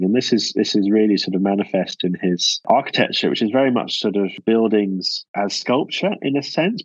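Low-voiced man musing on buildings. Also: no room sound, muffled recording. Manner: thoughtful, with many restarts and fillers. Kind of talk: conversational interview answers.

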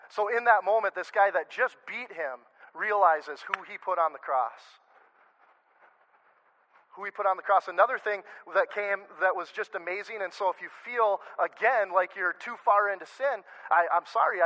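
A male pastor giving a sermon in a conversational, animated way, often restarting his sentences. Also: sits high, normal speed, low-quality recording.

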